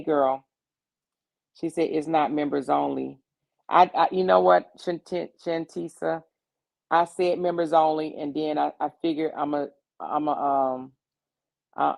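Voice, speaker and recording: Gravelly-voiced woman hosting a livestream. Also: low-pitched, a little mellow. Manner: greets viewers one by one by name; earnest and repetitive when explaining. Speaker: livestream host. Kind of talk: casual livestream chat.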